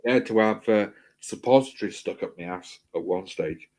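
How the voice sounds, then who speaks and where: A man's voice: lowish voice, a little fast, a little mellow. A man hosting a stream, telling crude anecdotes with lots of swearing in casual chat. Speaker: stream host.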